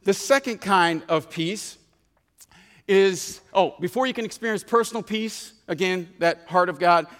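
A man's voice: sits high, a little slow, a bit bright, in a large hall. A man preaching a sermon as pastor, telling a story and stretching out key phrases for emphasis, often repeating himself. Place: church sanctuary.

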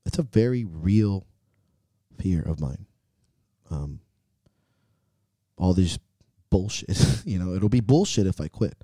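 A man on a podcast talks candidly about his fears as a coach, swearing freely and questioning himself out loud. He sighs and lets his sentences trail off into pauses. His voice sits low and very dark, and it is recorded dry and close with no room sound. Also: expressive, no echo. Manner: earnest, profane, self-questioning.

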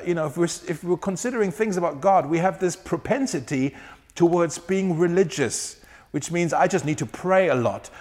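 A man delivers a sermon with an earnest, conversational warmth, stretching key words slowly and breaking into light laughter. His voice sits a little higher than most men's. The sound carries a long reverb, as in a large church hall. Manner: earnest, varies pace for emphasis, laughs often. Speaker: pastor.

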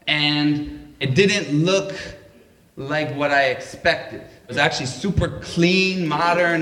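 A man's voice: a little high, a bit bright. A man telling a funny personal story in a casual, laughing, anecdotal way. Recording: roomy echo.

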